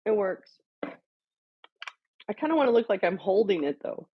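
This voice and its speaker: A woman's voice: mid-range voice, very animated, normal speed, breathy edge, highs cut off. A woman hosting a casual live stream, chatting playfully with her viewers and calling them darlings. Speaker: livestream host.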